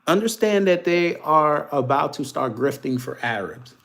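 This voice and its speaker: A man hosting a livestream gives casual political commentary in African American Vernacular English, mocking and trash-talking commenters while laughing. His voice is fairly high-pitched and a bit bright, with lively intonation at a moderate pace.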